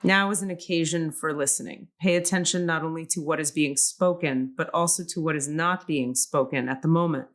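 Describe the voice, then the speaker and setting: A middle-aged woman co-hosting a spiritual podcast, reading card messages aloud in a calm, soothing cadence. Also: low voice, fairly quick, few pauses. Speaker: podcast co-host reading intuitive cards.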